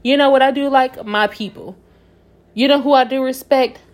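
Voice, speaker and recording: Young adult woman, casual monologue to camera; emphatic, shifts from quiet reflection to loud conviction. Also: high-pitched, normal speed. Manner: emphatic, swings from soft musing to loud passionate outbursts.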